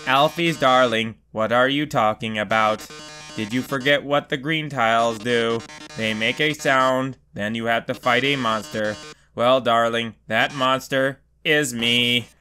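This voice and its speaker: A man's voice: mid-range voice, steady tone, a little slow, pushed and bright, faint music behind. Mettaton, a man hamming up a diva robot. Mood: theatrical. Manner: dramatic, purring "darling" delivery. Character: flamboyant male robot TV star, theatrical diva. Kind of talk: reading game dialogue aloud.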